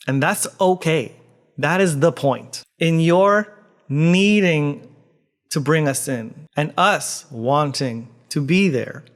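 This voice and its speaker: A man from Canada, a theatre actor, talking earnestly in a reflective vlog and posing many rhetorical questions. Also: fairly high pitch. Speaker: theatre actor and video host.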